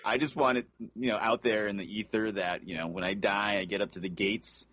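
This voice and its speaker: A man's voice: lowish voice, fairly even intonation, brisk, fairly bright tone, no echo, lo-fi sound. A middle-aged man guesting on a podcast, joking in a dry, self-mocking way. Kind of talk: casual chat.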